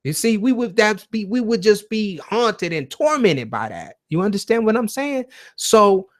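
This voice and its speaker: A man hosts a loose call-in livestream with a slightly raised pitch. He talks in an emphatic, preaching way, swears freely and keeps turning to his viewers and their chat. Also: big pitch swings, moderate pace. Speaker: host of a call-in show.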